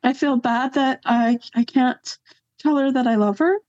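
A woman's voice: high voice, steady tone, darkish tone. Hesitant woman in her fifties, muffled sound. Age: 50s. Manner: hesitant, halting, trailing off. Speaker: guest. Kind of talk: hesitant personal conversation.

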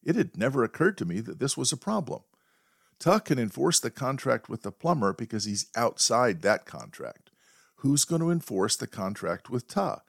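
A man hosting a podcast, telling a wry, deadpan story in a monologue. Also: medium pitch, normal speed, creaky, no echo, studio quality. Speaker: podcast host.

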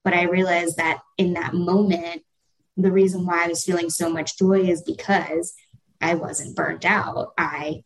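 A woman hosting a webinar, speaking from her home office. Her voice sits fairly low for a woman. She talks in a reflective, conversational way. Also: level tone, measured pace, a crowd in the background, low-quality recording. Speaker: host. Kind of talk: webinar talk.

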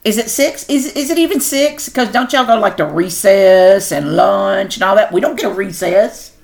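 A woman's voice: mid-range voice, moderate pace, gravelly. A middle-aged woman hosting a casual podcast chat at home with her son, teasing and laughing. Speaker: podcast host.

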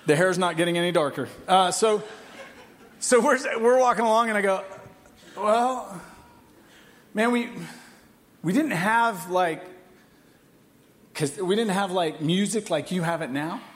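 A male pastor with a fairly high voice delivers a sermon in a church. He tells a personal story in an animated, playful way, mixing in quick asides and laughter. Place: church hall.

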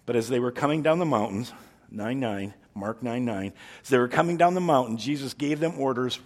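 A man preaching a sermon as a pastor, telling stories with lively energy and acting out the people he quotes. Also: mid-range voice, a little fast.

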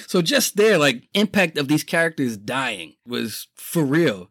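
A middle-aged man hosts a casual solo podcast in a slightly raised voice. He tells stories with excitement, curses freely and breaks into laughs. The sound is dry and close. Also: a little high, a little slow, hardly any pauses, no echo. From the Bronx, New York. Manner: excitable, profane, laughing storyteller. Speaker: podcast host.

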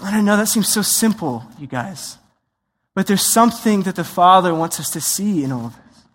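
A man preaching a sermon in a conversational, animated way, acting out voices and asides. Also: high voice, normal speed. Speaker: pastor. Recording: long hall reverb.

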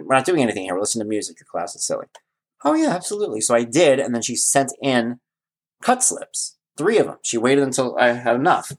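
A middle-aged man, telling casual stories as a podcast host and acting out the people he quotes. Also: mid-range voice. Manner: animated, acts out quoted voices. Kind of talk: casual storytelling monologue.

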